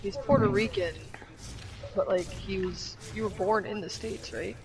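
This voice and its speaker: A man's voice: sits high, steady tone, unhurried, low-quality recording. A man chatting casually with friends during a game, teasing and blunt. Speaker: gaming friend. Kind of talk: casual gaming chat.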